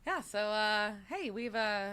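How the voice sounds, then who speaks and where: A woman's voice: mid-range voice, expressive, slow pace, sharp tone, clean tone. A woman co-hosting a podcast, opening the episode in upbeat casual chat with fillers. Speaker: podcast co-host.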